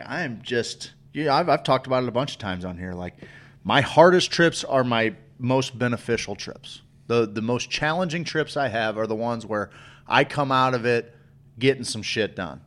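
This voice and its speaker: A man's voice: mid-range voice, fairly bright tone. A man co-hosting a podcast in casual chat, rambling with frequent restarts and plenty of swearing. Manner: rambling, profane, restarts often. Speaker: podcast co-host.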